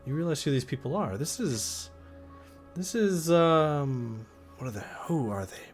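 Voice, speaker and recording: A man narrating a tabletop fantasy game as game master, in slow dramatic storytelling. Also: on the high side, expressive, faint music behind.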